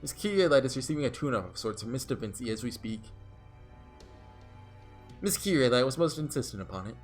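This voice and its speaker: A man voicing a calm, precise gentleman detective who speaks in measured, formal diction. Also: mid-range voice, soft background music, lightly acted.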